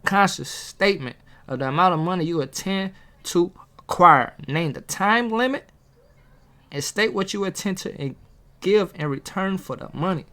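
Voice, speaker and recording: A man's voice: sits high, moderate pace, bright, forceful tone. A man giving a casual motivational talk to camera from a table, preaching and throwing rhetorical questions at his viewers. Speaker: motivational video host. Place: at a table, self-filmed.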